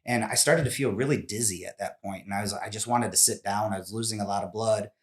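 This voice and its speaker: A man's voice: lowish voice, fast talker. A man in his forties, a podcast guest, telling a personal story in casual interview talk, candid and emotional, with many restarts.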